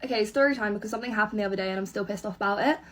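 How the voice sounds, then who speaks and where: A woman's voice: mid-range voice, rapid-fire, far from the mic. A young woman telling an indignant, sweary story in a casual vlog. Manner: indignant, swearing, animated retelling.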